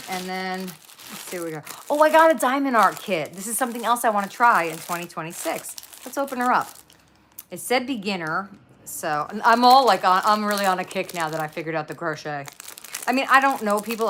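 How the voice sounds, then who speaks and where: Low-voiced chatty woman vlogging a craft haul. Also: fairly bright tone, a little hiss or hum. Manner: chatty, rambling, lots of fillers and side stories. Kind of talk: casual rambling haul vlog. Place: home craft room.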